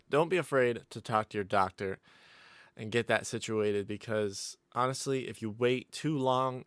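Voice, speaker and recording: A man's voice: fairly low pitch, fairly bright tone, clear, resonant tone, dry recording. A man hosting his own podcast, chatting casually and rambling with plenty of fillers and restarts, his voice a little sick. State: slightly sick voice. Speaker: podcast host. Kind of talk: casual solo podcast chat. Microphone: studio condenser microphone through a mixer.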